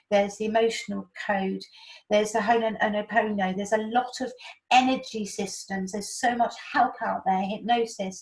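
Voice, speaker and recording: A woman giving animated, chatty spiritual guidance and explaining with homely analogies. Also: mid-range voice, rough recording. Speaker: spiritual guide. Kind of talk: casual spiritual talk.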